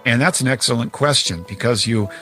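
A man's voice: mid-range voice, fairly quick, pushed and bright, faint music behind. A man teaching about scripture who explains things conversationally and uses everyday examples.

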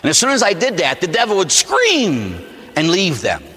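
A man from Pittsburgh, a Catholic priest, telling a personal story as a sermon in an animated, humorous way, acting out the scenes. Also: sits high, moderate pace, breathy edge, big-room sound. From Pittsburgh, USA.

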